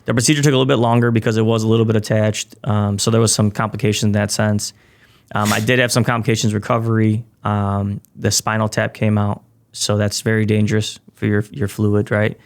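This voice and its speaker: A man's voice: fairly low pitch, a little fast. A man, a podcast guest, telling a personal story in casual conversation and acting out what other people said. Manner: animated, acts out quoted people.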